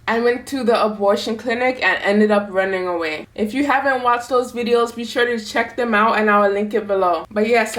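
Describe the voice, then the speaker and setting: A woman's voice: a little high, a bit bright. A young woman vlogger telling a personal story to camera in a candid, conversational way. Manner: candid, conversational, plain-spoken.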